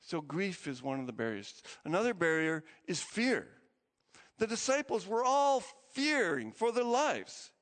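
A man preaching a sermon as pastor, telling stories with feeling, his voice climbing high and then dropping to a hush. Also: big pitch swings, measured pace, long reverb tail. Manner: emotional storytelling, voice rising high and dropping low to a hush.

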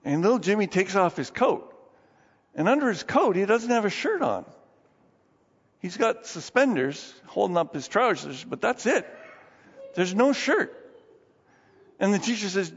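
A man preaching a sermon, telling a story in an animated, folksy way. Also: sits high, measured pace, pauses often, slightly rough. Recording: dull sound with long hall reverb.

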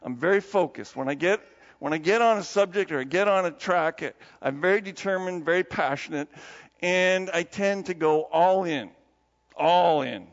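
A man, a pastor giving a sermon who tells stories in a lively, animated way. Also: moderate pace. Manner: storytelling, grows animated with raised pitch when quoting; soft, low prayer voice. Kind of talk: sermon with opening prayer. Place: church sanctuary. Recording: dull church PA with long reverb.

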